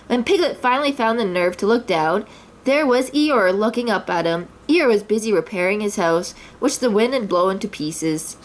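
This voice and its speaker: A woman's voice: mid-range voice, expressive, normal speed, a little hiss or hum. A woman reading a children's story aloud expressively, a mother voicing the characters.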